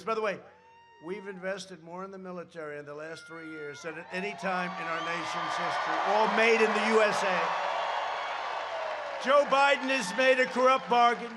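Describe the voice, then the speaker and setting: A man with a fairly high voice gives a campaign rally speech at a podium microphone. He rambles, tossing in sarcastic asides and shouted emphasis, against a noisy background.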